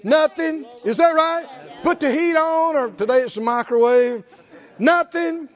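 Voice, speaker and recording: A man's voice: very high-pitched, a little slow, long reverb tail, highs cut off. A man preaching a sermon, often asking the congregation to respond. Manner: rhetorical, asks the congregation to respond.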